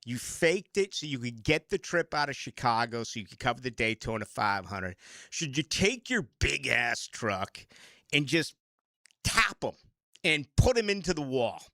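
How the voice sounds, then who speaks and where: A man's voice: mid-range voice, measured pace, dry recording. A man hosting a sports radio show, ranting in casual talk. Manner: animated, ranting. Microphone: studio microphone.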